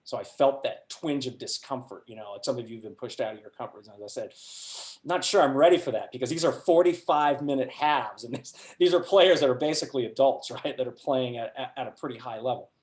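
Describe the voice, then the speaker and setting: A middle-aged man presenting a workshop, telling a personal anecdote to a group with animated delivery and frequent laughs. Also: medium pitch, brisk, hardly any pauses. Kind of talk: storytelling talk to a group. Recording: roomy echo.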